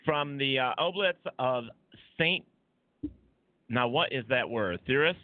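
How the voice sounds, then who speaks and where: Male talk show host, joking and stumbling, lively pitch, tinny phone-like line. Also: a little slow, no echo. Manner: joking, stumbling over words. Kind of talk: casual chat.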